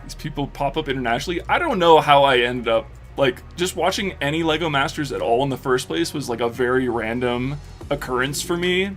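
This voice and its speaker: While playing a game on a live stream, a man chats casually and rambles excitedly, with lots of swearing and filler words. His voice is medium-pitched and a little fast, with faint music in the background.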